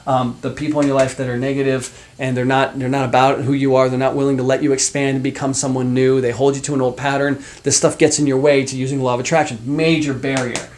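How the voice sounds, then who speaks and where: Animated man, life coach. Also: mid-range voice, fast, few pauses, slight background noise. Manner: animated, conversational, many fillers and asides. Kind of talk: motivational talk to camera.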